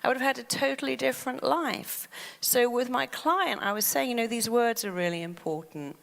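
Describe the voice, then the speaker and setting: In a large hall, a middle-aged therapist and motivational speaker gives a talk, animatedly telling stories and acting out the voices in her head. Her fairly high voice has vocal fry and moves at normal speed.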